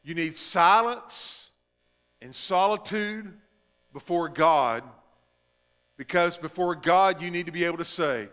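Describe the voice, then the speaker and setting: Bright-voiced male pastor preaching. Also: sits high, clean tone, in a large hall. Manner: swings between emphatic and hushed, drawn-out delivery. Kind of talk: sermon.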